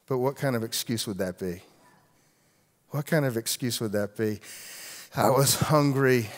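A middle-aged male pastor delivers a storytelling sermon, rising to loud, emphatic lines and then dropping to near-hushed asides. His voice sits at an ordinary male pitch. It carries the long reverb of a big church hall. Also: unhurried, pauses often.

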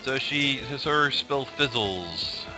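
A man running a tabletop game as game master, hesitant with lots of pauses and restarts. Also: mid-range voice, expressive, over music.

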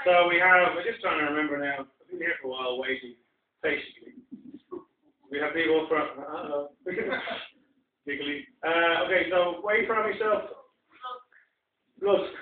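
Rambling London-accented comedian, distant and tinny. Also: male voice, on the high side, normal speed. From England. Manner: rambling, chatty with the crowd. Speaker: stand-up comedian. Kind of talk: stand-up comedy set. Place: small pub venue with live audience. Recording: distant, tinny, echoey room recording.

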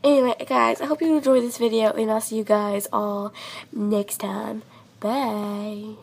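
A woman's voice: on the high side, fairly even intonation, measured pace, vocal fry, background noise. A young female channel host chatting casually to her viewers. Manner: chatty, giggly. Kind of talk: casual vlog outro.

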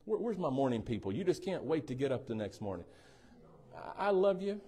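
A man's voice: mid-range voice, big pitch swings, a little fast, warm tone, breathy edge. A male pastor preaching a sermon in a church, teasing and checking in with the congregation. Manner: playful, teasing asides, asks congregation for responses. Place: church sanctuary.

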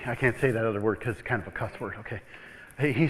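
A man's voice: medium pitch, quick pace, low-quality recording. A male pastor preaching a sermon in a church, calling out "Amen?" to the room, chuckling and repeating words as he builds up. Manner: animated preaching with repeated call-outs for "Amen?".

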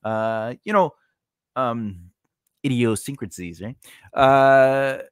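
A man's voice: mid-range voice, slow, clean tone, dry recording, clean studio sound. A man teaching writing in a casual lesson, rambling through tangents with many fillers and restarts. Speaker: writing podcast host.

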